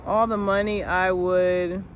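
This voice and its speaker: A woman's voice: on the low side, little pitch movement, slow pace, slight background noise. A young woman vlogging while sitting outdoors in a parking lot, musing aloud in a loose, profane, laughing way. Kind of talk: rambling casual vlog.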